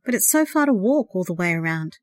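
A woman's voice: fairly low pitch, very animated, fairly quick, dry recording. A cautious young woman, cold and unsure, voicing her thoughts to herself, as a woman reading a story gives her voice. The sound is dry and close. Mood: hesitant. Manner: inner thoughts, hesitant.

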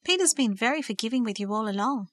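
A woman's voice: on the high side, lively intonation, quick pace, dry recording, studio quality. A woman reading aloud and voicing an anxious, earnest teenage girl with an eager, breathless manner.

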